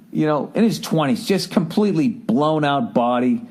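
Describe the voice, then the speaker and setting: Middle-aged male podcast host with a slightly high voice, doing a profane, exasperated comic monologue. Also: measured pace, darkish tone. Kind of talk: comedic monologue rant.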